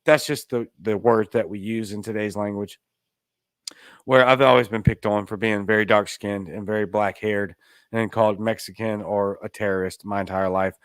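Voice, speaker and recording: This podcast host from Louisiana speaks at a moderate pace with little pitch movement in general, though his sarcastic, emphatic rant still rises in pitch. It's an opinionated commentary monologue, recorded clean in a studio without room sound.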